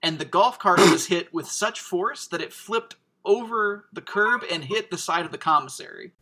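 A man spins a personal anecdote in relaxed conversation, bringing it to life by acting out other people's lines. His voice sits a little high and sounds bright and forward. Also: normal speed. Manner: animated storyteller, acts out quotes. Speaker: storytelling guest. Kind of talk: casual anecdote chat.

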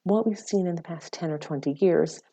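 A woman psychology researcher giving measured, explanatory answers in an interview, with frequent ums. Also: lowish voice, mellow, dull audio.

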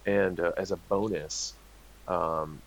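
A man's voice: low-pitched, fairly even intonation, takes it slowly, gravelly, muffled recording. A man in his thirties chatting casually as a podcast co-host, rambling and joking with many fillers. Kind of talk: casual chat.

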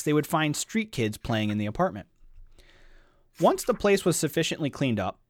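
A man co-hosting a podcast, recapping a fantasy book in casual chat and reading passages aloud, animated and full of "like" fillers. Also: on the high side, no room sound, clean studio sound. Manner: animated storyteller, frequent "like" fillers.

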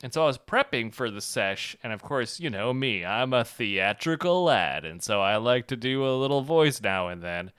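A man's voice: mid-range voice, moderate pace, hardly any pauses, clear, resonant tone, dry recording. A man co-hosting a podcast, telling a casual story with lots of laughter and self-mockery. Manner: animated, laughing, self-mocking. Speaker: podcast co-host. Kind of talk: casual chat, anecdote telling.

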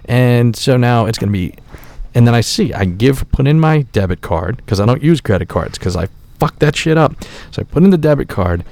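A male podcast host with a medium-pitched voice, speaking at normal speed, tells a rambling, profane story in a casual tone. He is animated and acts out the people he quotes.

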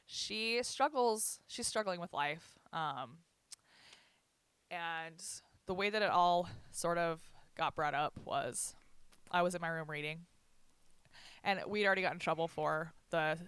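A woman's voice: lowish voice, a little slow, a bit bright, smooth, no room sound. A woman telling stories in a casual chat, laughing often and acting out what others said.

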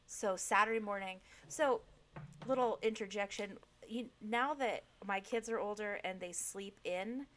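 A middle-aged woman in casual chat who tells lively stories, talks frankly, and swears freely. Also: medium pitch, a little slow.

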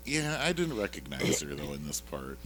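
A man's voice: extremely low pitch, huge pitch swings, moderate pace, fairly bright tone. A man co-hosting a casual podcast, retelling a TV episode in a rambling, jokey way with lots of fillers. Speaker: podcast co-host recapping a TV episode. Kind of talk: casual chat.

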